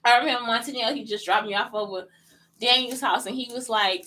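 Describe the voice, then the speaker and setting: A woman's voice: fairly high pitch, fairly quick, bright, forceful tone, low-quality recording. A woman hosting a casual solo podcast, blunt and profane, firing rhetorical questions straight at her listeners. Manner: talks straight to listeners as "y'all". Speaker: podcast host.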